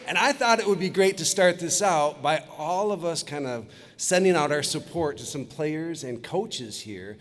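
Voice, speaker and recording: A man's voice: on the high side, animated, normal speed, hardly any pauses, slight background noise. A man giving an upbeat commencement speech, telling jokes and stories to the graduates. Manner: upbeat storytelling, leads crowd chants. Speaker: commencement speaker. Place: large arena with long reverb. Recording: long hall reverb.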